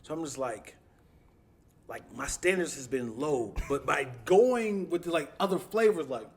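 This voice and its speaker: A young man co-hosting a casual podcast, his voice leaping up and down as he tells stories. He sits a little high for a man and plays the people he quotes. His delivery stays loose and conversational. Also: measured pace. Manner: animated storytelling, acts out quoted friends. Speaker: podcast co-host. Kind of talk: casual chat.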